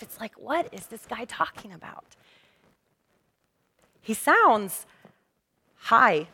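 Female pastor, fairly high voice, chatty storytelling sermon, long church reverb. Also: a little slow, long pauses, slightly rough. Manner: lively, conversational storytelling. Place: church sanctuary.

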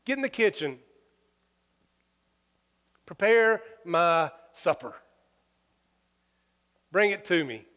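A man's voice: high voice, expressive, slow, pauses often, a bit bright, full character voice. Man preaching as a teasing Jesus. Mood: emphatic. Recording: long hall reverb.

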